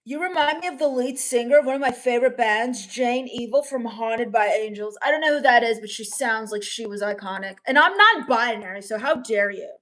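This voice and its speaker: A young woman streaming in character, deadpan and sulky, sarcastically complaining while reading chat comments aloud. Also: a little high, brisk, few pauses. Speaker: comedic livestreamer reading chat. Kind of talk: in-character comedy livestream.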